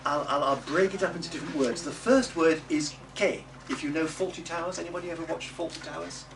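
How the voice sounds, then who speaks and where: A middle-aged man leads a class through Italian diction, sounding each word out slowly for the group to echo back. His voice is fairly high and sits well back from the microphone. A steady background hiss runs under everything in the room. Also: vocal fry. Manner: demonstrative, models words slowly for the group to repeat; chatty asides with little jokes. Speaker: early music teacher. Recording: distant mic in a noisy room.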